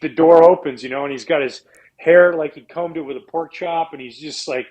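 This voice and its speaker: A middle-aged man from Canada, a guest telling lively stories in a casual interview, acting out quotes in a high voice. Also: a little fast, a crowd in the background, poor audio. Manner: animated storyteller, acts out quotes in a high voice. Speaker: guest, former pitcher.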